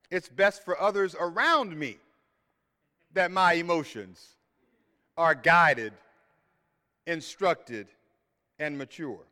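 A man preaching a sermon in a reverberant hall, his voice sitting high and sounding bright. He speaks slowly and earnestly, repeating key phrases and acting out the voices he quotes. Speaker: pastor.

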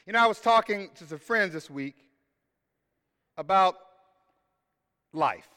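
A pastor with a high, bright voice delivers a sermon at an unhurried pace. He surges to shouted lines of scripture and then sinks to soft asides. The sound carries a long reverb from a large church room. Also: expressive. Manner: preaches with big swells, shouting scripture lines then dropping to quiet asides.

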